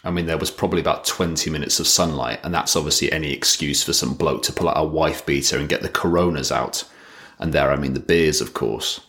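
A man's voice: a bass voice, fairly bright tone. A man in his thirties hosting a solo podcast, chatting in a wry, rambling way. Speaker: podcast host. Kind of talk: casual solo podcast monologue.

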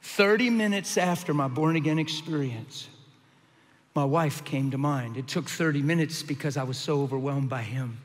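A man preaching his testimony, moving between hushed and shouted lines with dramatic energy. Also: on the high side, normal speed, long reverb tail. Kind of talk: testimony sermon.

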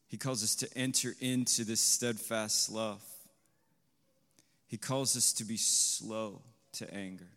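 A man preaching a sermon to a congregation. He asks the listeners questions, tags on "right?", and swells to loud, emphatic peaks. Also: on the low side, in a large hall. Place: congregation hall.

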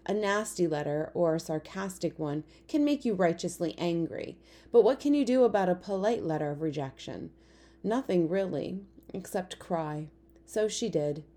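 A woman narrating a children's novel in a calm, even storytelling manner. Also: lowish voice, moderate pace. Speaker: audiobook narrator. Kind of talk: scripted narration.

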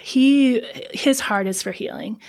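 A woman who works as a trauma counselor, speaking earnestly in a casual podcast interview and slowing down to stress her points. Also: a little high, creaky, darkish tone. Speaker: trauma counselor and center founder.

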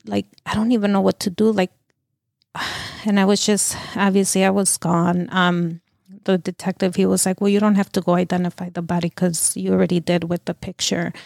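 A middle-aged woman telling her own painful story as an interview guest, halting and full of restarts and fillers. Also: medium pitch, flat delivery, gravelly, a little mellow, no echo, studio quality. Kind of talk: emotional personal testimony.

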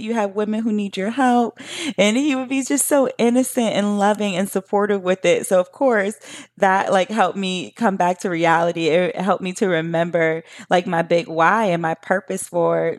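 A woman in her thirties hosting a solo podcast, talking to her listeners in a chatty, emphatic way. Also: mid-range voice. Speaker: podcast host.

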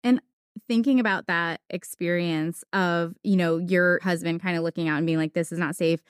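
A woman's voice: fairly low pitch, fairly even intonation, normal speed, smooth, no room sound, clean studio sound. Woman vet talking with fillers. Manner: thoughtful, with many fillers. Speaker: veterinarian, guest. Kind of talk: casual conversation.

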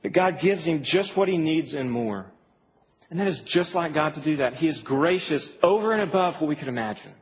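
Young male pastor, high voice, relaxed humorous delivery, long hall echo. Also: fairly quick. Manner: casual, animated, humorous preaching. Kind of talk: sermon. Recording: reverberant hall, faint ambient noise.

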